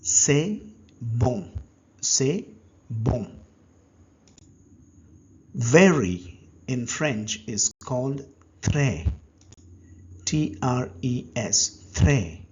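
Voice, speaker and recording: A man teaching a step-by-step language lesson, speaking slowly and patiently and pausing so learners can answer. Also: medium pitch, big pitch swings, slight background noise. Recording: dull lo-fi recording.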